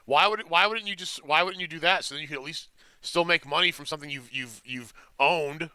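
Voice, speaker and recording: A man's voice: a little high, a little fast, bright, forceful tone, clear, resonant tone, dry recording. A man talking in casual chat, incredulous and mocking.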